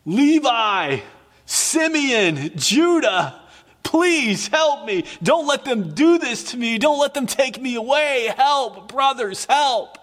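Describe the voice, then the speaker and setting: A man preacher voicing a young man in chains who cries out to his brothers for help, his voice pitched well above his own. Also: sing-song, takes it slowly, fairly bright tone, long reverb tail, heavily acted. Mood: desperate pleading. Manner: pleading, crying out.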